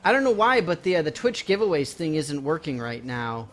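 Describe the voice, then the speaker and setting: Talking to chat as he plays a game live, this young man jokes about himself and how busy his day has been. His voice is on the high side and brisk, a bit bright, with big swings in pitch. Faint game music can be heard behind him.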